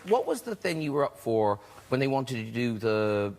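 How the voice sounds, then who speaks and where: A man's voice: medium pitch, big pitch swings, moderate pace, creaky, over a noisy crowd. A man with an Irish accent hosting a talk show, playful and teasing with his guests. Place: television studio. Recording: studio audience and noise. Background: studio audience.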